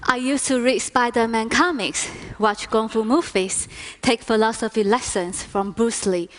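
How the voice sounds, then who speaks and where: Slow-spoken Chinese woman interpreting on stage. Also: fairly high pitch. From China. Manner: slow, deliberate phrasing. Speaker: performer interpreting in first person. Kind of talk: stage talk. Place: lecture stage.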